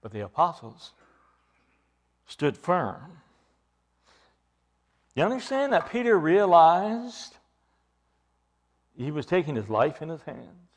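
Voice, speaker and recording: A man's voice: on the high side, very animated, slow pace, long pauses. A man preaching an expository sermon, emphatic, repeating phrases for stress and putting questions to his listeners.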